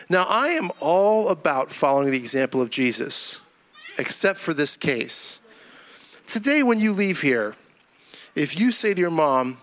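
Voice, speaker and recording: A middle-aged male pastor from Florida delivering a sermon, telling a humorous personal story in a folksy, animated way. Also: a little high, normal speed.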